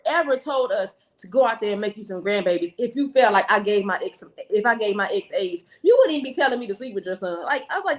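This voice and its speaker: Woman telling a story, animated. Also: mid-range voice, fast, hardly any pauses. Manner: animated storyteller acting out quoted dialogue. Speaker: podcast guest. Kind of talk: storytelling, casual chat.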